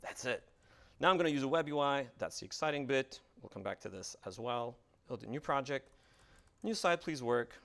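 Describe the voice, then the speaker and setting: A man talks an audience through a live coding demo, thinking out loud and poking fun at his own mistakes. His voice has a gravelly edge and swings up and down in pitch as he talks. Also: lively intonation, moderate pace. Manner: rambling, self-deprecating, thinks aloud while typing. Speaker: presenter giving a tech talk. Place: meetup room in front of an audience.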